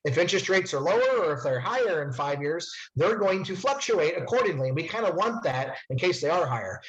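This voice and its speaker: A man giving an upbeat sales presentation of a financial product to insurance agents, with quick asides. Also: on the high side, animated, muffled recording.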